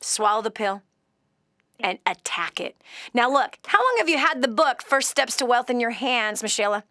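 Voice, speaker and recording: A high-pitched woman with a bright, forceful edge coaches a caller on air. She lectures in blunt, emphatic tough love, punching some words loudly and dropping to low, quiet urging on others. The sound is dry and close. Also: animated, normal speed, dry recording. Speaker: radio show host and financial coach. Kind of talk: call-in coaching.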